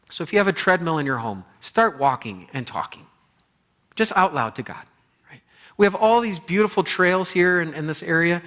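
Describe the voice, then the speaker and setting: A male pastor preaching a sermon in an earnest, conversational way, often restarting his sentences and moving between quiet passages and animated bursts. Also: on the high side.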